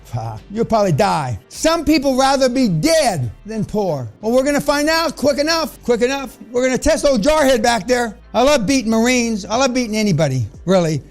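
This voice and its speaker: A man's voice: very high voice, very animated, moderate pace, few pauses, faint music behind. A man lecturing a business seminar room in a blunt, crude, rambling way.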